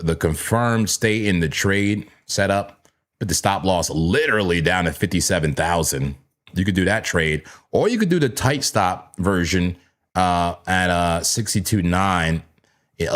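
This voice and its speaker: A man hosts a live crypto chart stream from a home room crowded with screens. His voice sits fairly low but swings widely as he gets excited. He jokes and talks to himself as he goes, now and then rising into playful shouts. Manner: animated, jokey, talks to himself and yells playfully. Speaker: crypto trading livestream host. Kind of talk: live chart analysis chat.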